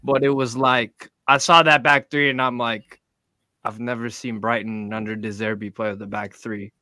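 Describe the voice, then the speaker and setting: A man's voice: mid-range voice, level tone, moderate pace, sharp tone, dry recording. A man co-hosting a casual football chat, hesitant and often trailing off.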